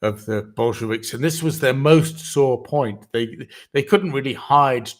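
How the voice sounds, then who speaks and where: A man hosting a casual livestream conversation, talking in halting, roundabout sentences full of fillers and restarts. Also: medium pitch. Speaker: host.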